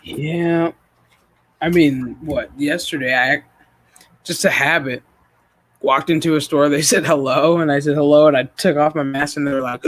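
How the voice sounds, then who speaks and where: A woman hosting a casual chat stream, telling stories in a profane, animated way with lots of quoted dialogue. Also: low-pitched, normal speed. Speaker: streamer host.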